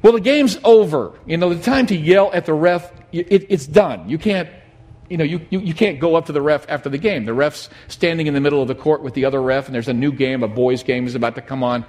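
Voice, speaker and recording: A middle-aged man preaching a sermon, telling a personal story in an animated, emphatic way. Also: fairly high pitch, quick pace. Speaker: pastor.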